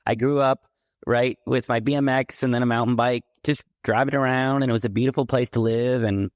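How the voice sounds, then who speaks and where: A middle-aged man from the San Francisco Bay Area, a podcast guest telling his childhood story in a candid, animated way. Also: mid-range voice, a little fast, dry recording, studio quality. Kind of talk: personal storytelling in a podcast interview.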